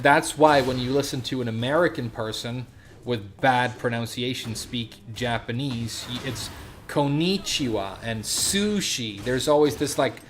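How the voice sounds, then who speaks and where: A man's voice: mid-range voice, slight background noise. Rambling man chatting on a stream. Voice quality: slight lisp-like S sound. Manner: rambling, many fillers and restarts. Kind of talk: casual stream chat.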